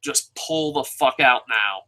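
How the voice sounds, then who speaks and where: A man's voice: medium pitch, slow, bright, forceful tone, low-quality recording. A man hosting a solo podcast, giving heated, profane opinions and repeating phrases for emphasis. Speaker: podcast host reviewing wrestling.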